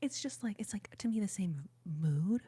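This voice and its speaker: A young woman hosting a live ASMR stream, chatting in a soft whisper and giggling often. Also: medium pitch, expressive, normal speed, breathy edge. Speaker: ASMR livestream host.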